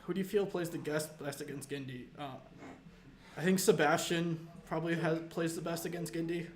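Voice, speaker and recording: A man's voice: a little high, fairly even intonation, fairly quick. A man commentating a live poker tournament, breaking down hands carefully and hedging often with "I think.". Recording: echoey room with background noise.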